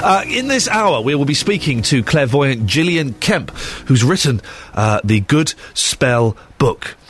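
A man's voice: medium pitch, sing-song, unhurried, faint music behind. A man filling in as a radio presenter, chatty and joking at his own expense, sounding a bit bunged up, speaking into a studio microphone. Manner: chatty, joking, self-deprecating. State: congested, bunged up. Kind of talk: casual radio links.

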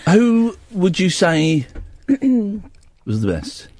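A man with a Southern English accent hosting a late-night radio show, playful and quick with asides. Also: on the high side, big pitch swings, a little mellow, no echo. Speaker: radio host. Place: radio studio.

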